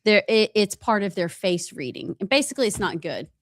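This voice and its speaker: A woman's voice: mid-range voice, big pitch swings, a little fast, a bit bright, no echo, clean studio sound. A woman co-hosting a talk show, giggly and rambling as she chats. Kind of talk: casual chat.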